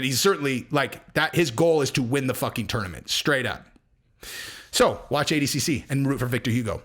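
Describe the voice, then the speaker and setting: A young man hosting a podcast, ranting in a rambling, sarcastic, profane way with quick asides. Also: on the high side, a bit bright. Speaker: podcast host. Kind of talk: casual rant.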